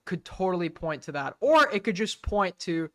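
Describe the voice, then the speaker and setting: A man's voice: sits high, big pitch swings, normal speed, pushed and bright. A young adult man hosting a casual reaction stream, talking bluntly and swearing freely as he gives his opinions. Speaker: streamer host.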